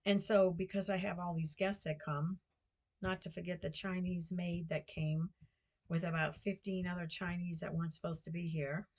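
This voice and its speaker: A woman's voice: on the low side, flat delivery, moderate pace, darkish tone. An older American woman chatting casually at home, meandering and correcting herself with lots of fillers. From United States. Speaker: vlogger and guesthouse host. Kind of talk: rambling casual monologue.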